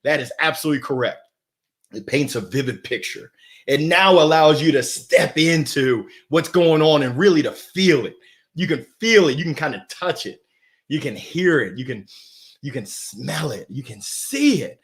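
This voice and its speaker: A man's voice: on the high side, expressive, normal speed. A man hosting a live motivational stream, greeting viewers by name with exuberant energy and frequent laughter. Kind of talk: lively live-stream chat reading comments.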